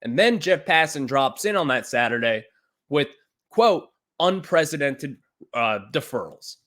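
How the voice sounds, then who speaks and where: A man's voice: on the high side, expressive, unhurried, fairly bright tone. A man hosting a sports podcast, ranting emphatically about a baseball contract. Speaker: podcast host.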